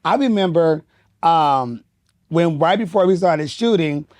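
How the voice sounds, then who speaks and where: Male drag performer guest, lively storyteller, slightly high voice, dry booth. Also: unhurried, no echo. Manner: animated, acts out quotes in raised voice. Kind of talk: casual interview storytelling.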